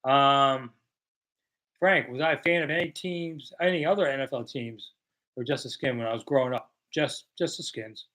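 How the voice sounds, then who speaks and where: Reading viewers' questions during a relaxed live chat, this Southern host in his sixties answers with humor aimed at himself. He speaks at normal speed in a medium pitch with a fairly bright tone.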